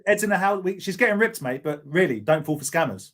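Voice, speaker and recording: A man's voice: sits high, lively intonation, quick pace, a bit bright. A man hosting a live podcast, joking and bantering in stop-start sentences. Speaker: podcast host. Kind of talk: casual chat on a live stream.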